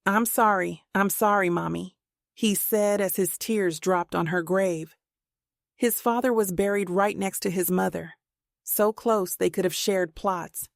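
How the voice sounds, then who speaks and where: A woman narrating a suspense thriller audiobook in a steady, measured reading. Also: mid-range voice, vocal fry, no room sound, clean studio sound.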